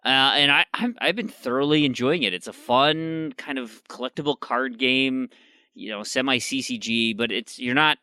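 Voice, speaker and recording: A man's voice: mid-range voice, moderate pace, pushed and bright, no echo. A man co-hosting a gaming podcast, talking casually and rambling with many fillers and restarts. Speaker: podcast co-host.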